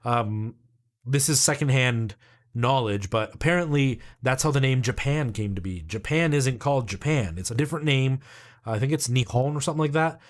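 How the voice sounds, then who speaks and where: A man's voice: medium pitch, moderate pace. A man in his thirties from Canada, chatting casually on a live stream and explaining things in a rambling way, with lots of ums and likes. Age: 30s.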